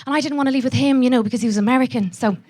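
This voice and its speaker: A young Irish woman doing a live stand-up set, brash and profane, throwing quick asides to the audience. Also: high voice, darkish tone. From Ireland. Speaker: stand-up comedian.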